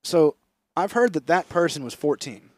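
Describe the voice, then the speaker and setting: Young man, podcast co-host, lively swinging pitch, slightly high voice, dry close mic, profane banter. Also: normal speed, no room sound. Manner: profane, animated, slips into mocking impressions. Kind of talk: casual comedic chat.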